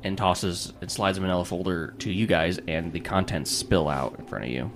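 A man's voice: low voice, normal speed, creaky, over music. A man narrating as game master in a casual way, with many fillers.

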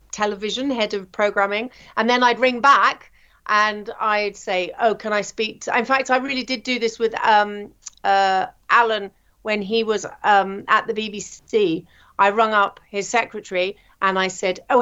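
A woman, a TV presenter, telling her career story in a chatty, animated way with plenty of ums. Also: medium pitch, measured pace, clear, resonant tone, lo-fi sound. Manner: chatty, animated anecdotes with frequent fillers. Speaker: guest, TV presenter. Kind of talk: interview storytelling.

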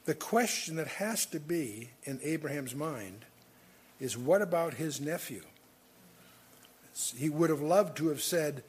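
Give me a man with a fairly high voice leading a verse-by-verse Bible study and commenting casually. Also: lively intonation, unhurried, darkish tone, slightly rough. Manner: reads scripture aloud, then comments in an easy conversational way; chuckles often while talking.

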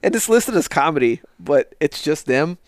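A man's voice: fairly high pitch, very animated, moderate pace, dry recording, clean studio sound. A man co-hosting a podcast in loose, casual chat, swearing freely and laughing often. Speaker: podcast co-host.

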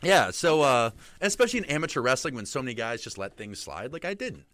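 A man's voice: medium pitch, big pitch swings, fast, fairly bright tone. A young man, a wrestler guest, telling stories in a casual, rambling way with many fillers. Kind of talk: casual storytelling interview.

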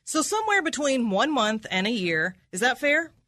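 Aggressive woman cross-examining, bright tone. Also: a little high, very animated, moderate pace, no room sound, clean studio sound. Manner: aggressive, repeats answers back with "right?". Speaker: prosecutor.

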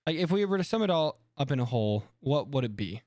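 A man co-hosting a casual podcast chat, animated and quick to joke and laugh. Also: mid-range voice, no room sound, clean studio sound. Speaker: podcast co-host.

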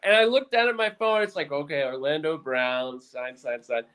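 A man co-hosting a sports podcast in a casual chat, telling stories in an animated, excitable fan's way. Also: a little high, normal speed, clear, resonant tone. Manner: animated, excitable fan storytelling. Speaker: podcast co-host.

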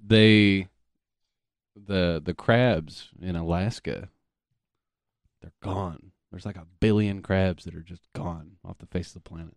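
A man's voice: deep voice, fairly even intonation, takes it slowly, vocal fry, no room sound. A man of twenty-five, a podcast co-host trading casual, teasing, profane banter over drinks.

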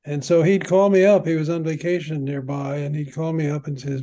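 An older man, a veteran padel player, tells long stories in an unhurried, rambling way, full of ums and restarts. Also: a little high, steady tone, dark tone. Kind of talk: conversational storytelling.

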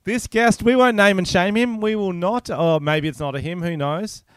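A young man with a New Zealand accent rambling through crude jokes and stories as a podcast co-host. His voice sits a little high and sounds smooth and clear. The sound is close and dry, with no room around it. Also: normal speed, no echo. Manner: joking, rambling storyteller. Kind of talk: crude casual podcast banter.

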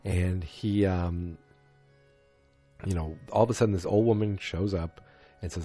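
A man's voice: sits low, normal speed, mellow, soft background music. A man recapping a TV episode in casual chat, rambling with lots of fillers and voicing the characters, close on a dry mic. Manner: rambling, with many fillers and quoted voices. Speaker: show recapper.

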